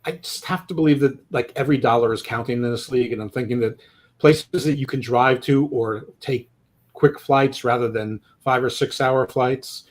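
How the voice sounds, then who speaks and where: A man co-hosting a sports podcast in an easygoing, joking way. He rambles through his points and often trips over repeated words as he restarts his sentences. His pitch sits in an ordinary middle range. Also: fairly even intonation, normal speed. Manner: rambling, jokey, stammers on restarts. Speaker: podcast co-host. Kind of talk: casual sports chat.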